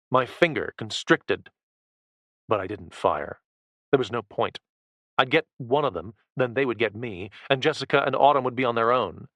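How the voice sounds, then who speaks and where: A man narrating a first-person action thriller audiobook with a low, tense, steady delivery. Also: dry recording.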